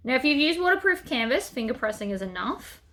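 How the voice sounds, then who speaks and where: A woman's voice: high voice, sing-song, fairly quick, bright, forceful tone. A woman hosting a sewing tutorial, chatting casually as she works through each step.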